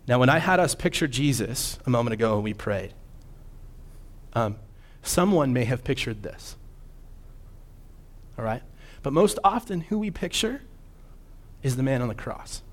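This sermon comes from a man whose voice is a little high and expressive. He talks to his listeners conversationally, checking in often, and slows down for emphatic scripture readings.

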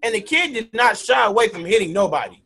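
Rambling male ref and teacher, high voice, full of likes and you knows, casual interview guest. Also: very animated, fast talker, pushed and bright, slightly rough. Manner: rambling, heavy use of "like" and "you know". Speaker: youth football referee and teacher.

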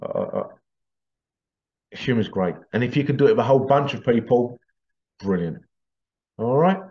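A man chats away to his viewers in a loose, rambling monologue, breaking into chuckling asides as he goes. His voice sits at an ordinary middle pitch, and the recording sounds a little dull and lo-fi. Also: lively intonation, moderate pace, vocal fry. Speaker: vlogger.

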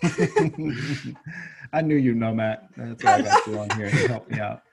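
A man's voice: mid-range voice, huge pitch swings, a little slow, gravelly, very noisy. A man hosting a podcast in casual chat, who laughs often and trails off mid-sentence. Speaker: podcast host.

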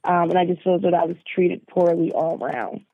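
A woman on a phone call, calmly and in detail describing a bad customer service experience. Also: lowish voice, dry recording. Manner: measured, detailed, aggrieved. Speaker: caller. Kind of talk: phone complaint. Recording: tinny phone line.

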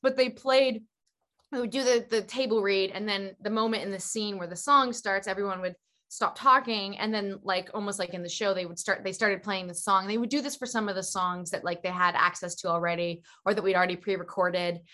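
A woman actress, a guest in a casual interview, telling stories in an animated, gushing way with many restarts. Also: medium pitch, brisk.

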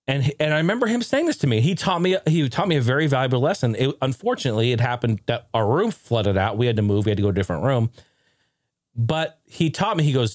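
Casual gaming host, man in his forties, animated, laughing storyteller with a slightly high voice, dry close sound. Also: no echo.

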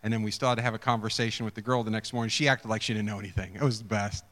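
A man preaches a sermon, acting out a personal story as an animated storyteller. He drops to hushed whispers and then rises to shouts. His voice is bright and forceful, carried by the long reverb of a church hall. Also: on the low side, rapid-fire. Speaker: pastor.

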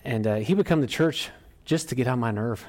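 A middle-aged male pastor preaching from the front of a church. His delivery is animated, climbing higher and louder on emphatic lines. He drops back to a quieter, conversational tone between peaks. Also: fairly quick. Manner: animated preaching, often rising to emphatic exclaims. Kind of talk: sermon.

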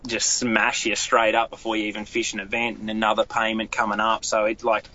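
A man's voice: on the low side, completely flat delivery, fairly quick, pushed and bright. A young Australian man, a pro angler and guest, talking earnestly in a rambling way with many restarts. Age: young adult. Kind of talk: casual interview talk. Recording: slightly dull audio.

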